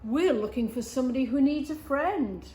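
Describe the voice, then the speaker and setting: Plaintive little boy beaver from a picture book, squeaky high, voice pushed up and strained, as a woman reads it out. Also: expressive, moderate pace, mellow, roomy sound. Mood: eager, friendly. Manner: high, pleading, childlike. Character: lonely little male beaver, young and tearful.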